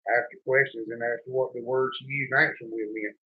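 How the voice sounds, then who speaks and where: Here a homesteading-show host speaks fairly quickly in a medium pitch, his intonation staying fairly even. He has a heavy rural North Carolina accent, Southern US, and drawls along in a folksy, casual chat. The recording sounds dull and lo-fi.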